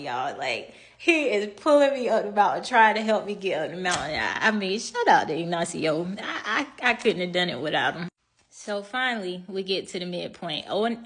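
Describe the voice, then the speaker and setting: A young woman vlogger telling a story in a chatty, expressive way, speaking straight to her viewers. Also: on the low side. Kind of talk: casual storytime.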